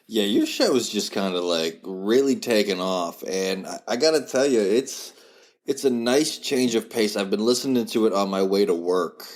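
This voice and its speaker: A man's voice: on the low side, expressive, moderate pace. A man hosting a casual podcast interview, a comedian who talks chattily, jokes and stumbles over his words.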